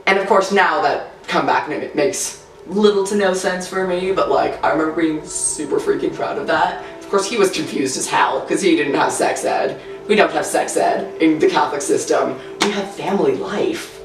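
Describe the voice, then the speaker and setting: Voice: medium pitch, normal speed, hardly any pauses. A teenager speaking frankly in a casual interview, full of "like" fillers. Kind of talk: candid personal interview. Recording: roomy sound from a distant mic, faint music.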